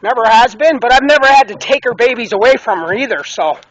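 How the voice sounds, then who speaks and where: A man's voice: very high voice, expressive, quick pace, fairly bright tone. A man filming himself on his homestead, talking to the camera while he works and calls to his pig. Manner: talks to camera while working, coaxing and calling out to his pig. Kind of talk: handheld outdoor vlog narration. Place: outdoors in brush on a farm. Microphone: camera mic, handheld and then set on a tree. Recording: dull lo-fi outdoor camera audio with clear background noise.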